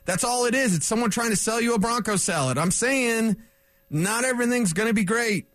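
A man hosting a solo sports radio show, ranting bluntly and mocking other reporters in quick put-on voices. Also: high voice, no room sound, studio quality. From rural area. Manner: blunt, animated, mocking impressions. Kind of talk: solo sports talk rant.

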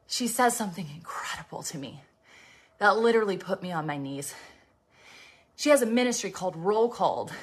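A woman's voice: medium pitch, a bit bright. A woman, out of breath as she pedals an exercise bike, preaching with passion and often dropping to a whisper. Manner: passionate, fervent, dips into whispers. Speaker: preacher and fitness host. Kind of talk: devotional preaching while riding an exercise bike.

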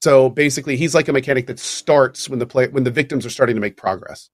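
A man's voice: mid-range voice, fast talker, no echo. Male podcast co-host, casual explainer, rambling restarts, dry close sound. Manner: explains at length with fillers and restarts. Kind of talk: casual chat explaining game mechanics.

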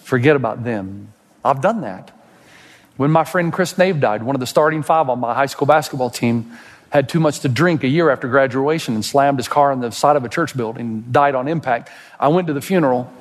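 A man preaching a sermon as pastor, dramatic, rising to loud high outbursts and dropping to slow hushed passages. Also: big-room sound.

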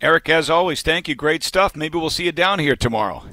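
A man's voice: on the high side, fairly quick, no room sound. A man hosting a sports radio show, wrapping up with upbeat banter and thanks. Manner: upbeat, lively wrap-up banter.

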